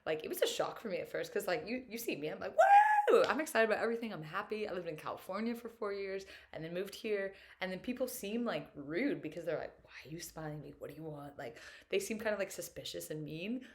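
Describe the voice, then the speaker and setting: A young American woman vlogs to camera in a casual, reflective monologue, chatty and upbeat with lots of filler words. She is open about her feelings and at times earnest and openly emotional. Her mid-range voice is animated and fast.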